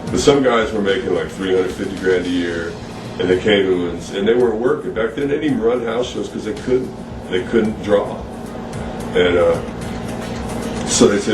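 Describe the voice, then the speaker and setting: Interviewee, man, very low voice, matter-of-fact; roomy sound with clear music underneath. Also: moderate pace. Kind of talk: interview recollection. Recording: echoey room, distant mic, music behind.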